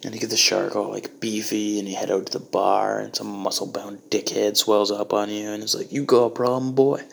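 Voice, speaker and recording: A man's voice: fairly low pitch, completely flat delivery, fairly quick, vocal fry, slight background noise. A man delivering a profane, exasperated comedic rant. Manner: ranting, exasperated, heavy swearing.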